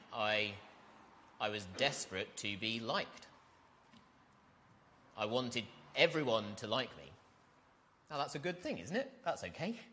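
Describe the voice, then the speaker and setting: A man's voice: mid-range voice, fairly bright tone. A man preaching a sermon, talking conversationally and asking his listeners questions. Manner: conversational, asks the congregation questions.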